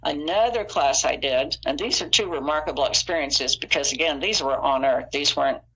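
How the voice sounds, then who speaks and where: Low-voiced woman telling a spiritual story. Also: normal speed, rough recording. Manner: earnest, animated retelling with quoted dialogue. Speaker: interview guest. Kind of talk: storytelling in a podcast interview. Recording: audio interview.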